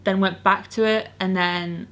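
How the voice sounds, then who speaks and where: A woman's voice: medium pitch, steady tone, a little slow, a bit bright. A young woman from Wales with a Welsh accent, a podcast guest trading dry, blunt jokes in casual chat.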